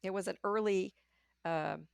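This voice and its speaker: An older woman, a podcast guest, telling candid stories about her career in a lively way and acting out the voices she quotes. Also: medium pitch, a little slow, vocal fry, smooth, dry recording, clean studio sound. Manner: lively storyteller who acts out quoted voices. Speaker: podcast guest, leadership coach. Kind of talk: candid conversational storytelling.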